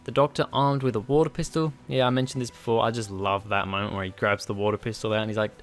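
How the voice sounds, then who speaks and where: A man's voice: on the low side, level tone, fast talker, faint music behind. A man casually reviewing a TV episode in an enthusiastic, rambling, chatty way.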